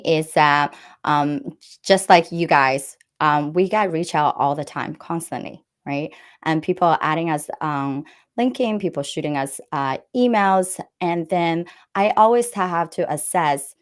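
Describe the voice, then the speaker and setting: A woman's voice: low-pitched, expressive, moderate pace. A woman giving earnest business advice as an interview guest, often checking in with "right?". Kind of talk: interview answers.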